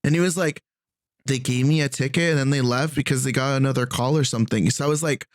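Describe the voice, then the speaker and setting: A man co-hosting a podcast, telling a story in a relaxed, rambling way with lots of filler words. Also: medium pitch, quick pace, no echo, studio quality. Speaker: podcast co-host. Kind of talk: casual chat.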